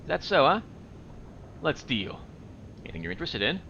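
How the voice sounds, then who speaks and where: A man's voice: medium pitch, sing-song, moderate pace, sharp tone, muffled recording, slight background noise, pitched above the performer's own voice. A man reading the lines of a filthy, suspicious male corpse trader in a game, clipped and ending lines with "huh".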